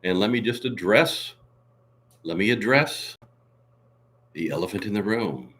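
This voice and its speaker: A hoarse man hosting a casual live stream, coughing now and then and reading out viewer comments in a showy way. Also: fairly low pitch, lively intonation, unhurried, fairly bright tone.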